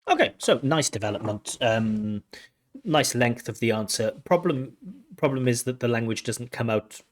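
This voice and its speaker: A Welsh examiner with a mid-range, lively voice speaks at normal speed in a spoken exam feedback lesson, explaining a candidate's speaking test like a teacher. He imitates intonation, adding tut sounds as part of his explanations.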